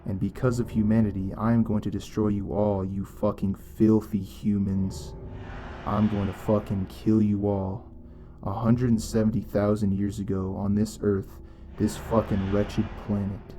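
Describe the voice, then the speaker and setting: A man voicing a raving young man who proclaims himself a god, in a slow, menacing delivery. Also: on the low side, little pitch movement, mellow, faint music behind, lightly acted.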